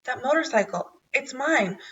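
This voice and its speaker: A woman's voice: sits high, expressive, moderate pace, distant mic, dull audio, background noise, voice pushed up. A woman voicing a small, eager male mouse who pleads and coaxes in a raised voice. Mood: urgent.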